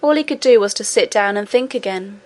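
A woman narrating a classic children's storybook in a steady, measured reading voice. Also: mid-range voice. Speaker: audiobook narrator.

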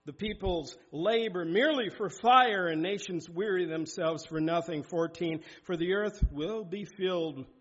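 A man's voice: sits high, unhurried, hardly any pauses. Emphatic man preaching a sermon. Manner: emphatic, exhorting, reads scripture aloud. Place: church sanctuary. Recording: dull lo-fi sound.

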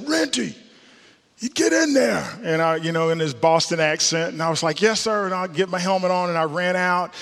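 A man's voice: high-pitched, a bit bright, in a large hall. A middle-aged man, a former football player, preaching a sermon and telling a personal story, earnest and repeating key phrases for emphasis.

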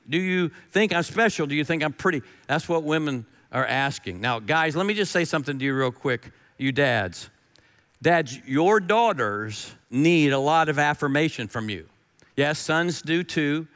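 Brief: middle-aged man, pastor, folksy and emphatic, voice sits a bit high. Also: a bit bright, smooth, long reverb tail. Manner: folksy, emphatic, repeats key phrases. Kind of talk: sermon.

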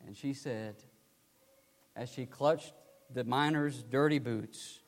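A man preaching a sermon as dramatic storytelling, swinging from loud to hushed, with a long hall reverb. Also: mid-range voice, slow pace.

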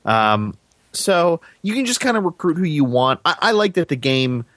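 A man's voice: a little high, big pitch swings, normal speed, a bit bright, dry recording. Thoughtful man in casual chat. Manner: thoughtful and corrective, hedging with fillers. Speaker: podcast co-host.

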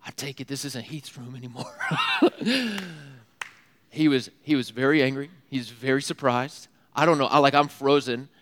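A young man giving a sermon as a youth speaker, telling funny stories in an animated, laughing way with casual slang. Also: medium pitch, moderate pace, slight background noise. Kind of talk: storytelling sermon. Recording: long hall reverb.

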